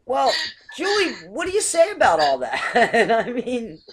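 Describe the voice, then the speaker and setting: A woman's voice: on the high side, wildly swooping pitch, unhurried, noisy background. A woman hosting a casual online talk show over a video call, chatty and hesitant, often repeating words. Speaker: host.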